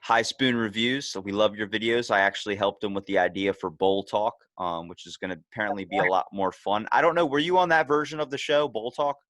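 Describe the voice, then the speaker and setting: A man's voice: lowish voice, a little fast, few pauses, fairly bright tone, no echo. A man hosting a casual podcast, blunt and profane, animatedly retelling stories. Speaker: podcast host. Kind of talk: casual chat.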